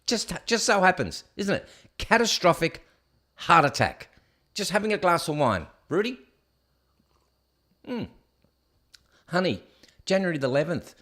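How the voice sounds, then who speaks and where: An Australian man with a slightly raised pitch hosts his own show. He rants through news stories with heavy sarcasm and hammers home his points. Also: big pitch swings, measured pace, pauses often, pushed and bright. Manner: sarcastic, emphatic, reads headlines aloud. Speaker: host. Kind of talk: ranting commentary on news stories.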